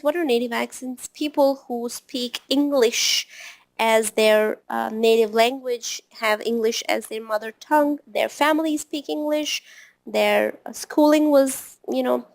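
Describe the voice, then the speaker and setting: A woman tutoring test preparation in an informal online lesson, chatty and often ending her points with a quick tag question. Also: fairly high pitch, gravelly.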